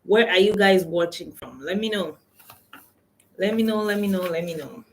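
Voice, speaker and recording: A woman's voice: medium pitch, normal speed, slight background noise, rough recording. Chatty Nigerian woman on a phone live stream. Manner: chatty, laughing often, greeting viewers by name. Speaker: mind and strategy coach hosting a live stream. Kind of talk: casual live-stream chat.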